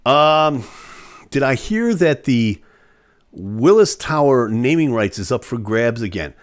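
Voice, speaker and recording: A man's voice: mid-range voice, very animated, slow pace. A man hosting a live online show, chatting casually with viewers and going off on joking, rambling rants.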